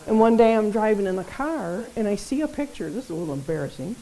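A woman preaching a sermon in a conversational, animated way, often checking in with her listeners. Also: mid-range voice, fast, creaky, few pauses, slight background noise, poor audio. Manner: conversational, animated, tag questions.

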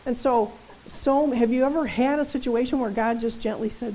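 A woman preaching a sermon in a conversational, animated way, often checking in with her listeners. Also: on the high side, normal speed, low-quality recording. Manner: conversational, animated, tag questions.

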